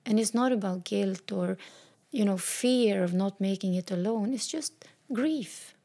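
A woman in her fifties talks slowly and thoughtfully about her own life, pausing between phrases. Her voice sits at an ordinary middle pitch, and she speaks with open, unguarded feeling. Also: warm tone. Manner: slow, reflective and openly emotional. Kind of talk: personal reflective talk.

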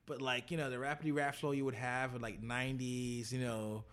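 A man's voice: mid-range voice, flat delivery, fairly quick, fairly bright tone. A man talking casually about music with a friend, rambling and laughing often.

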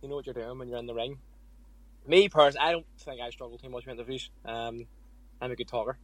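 A man's voice: mid-range voice, steady tone, fast talker, rough recording. A young man with an Irish accent, a boxer as guest, candidly telling stories in a casual podcast interview. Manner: candid, storytelling with quoted asides.

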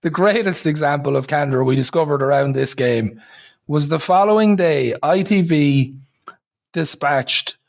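A man with a fairly high voice talks at an easy, unhurried pace, leading into a story and passing it along to a co-host. His tone is casual and measured. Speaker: podcast co-host. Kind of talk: casual chat.

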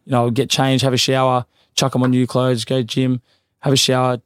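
Aussie fighter guy talking quick and loose, dry close sound. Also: mid-range voice, monotone, clean tone, no echo. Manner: rapid, loose, repeats fillers. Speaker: professional boxer, guest. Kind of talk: casual interview chat.

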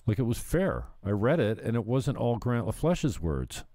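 A man's voice: medium pitch, sing-song, moderate pace, mellow, dry recording, clean studio sound. A man ranting bluntly on a livestream, swearing and mocking people as he chats. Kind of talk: profane ranting chat.

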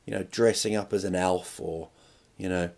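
A man's voice: sits low, steady tone, moderate pace, vocal fry, darkish tone. A man hosting a podcast, telling a comic story in a rambling, self-mocking way. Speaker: podcast host.

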